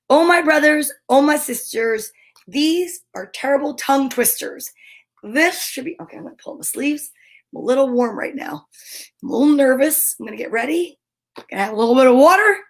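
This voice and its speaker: A woman with a high, bright voice gives a comic read-aloud of a rhyming picture book. She reads in a sing-song lilt and keeps dropping into hushed, nervous side remarks between the verses. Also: vocal fry. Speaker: comedian reading a children's book aloud.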